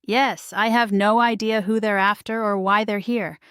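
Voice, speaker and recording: A woman's voice: medium pitch, steady tone, moderate pace, fairly bright tone, smooth, dry recording, studio quality, close to an everyday voice. Woman doing a gossipy noblewoman, put-on English accent. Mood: haughty. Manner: gossiping, secretive.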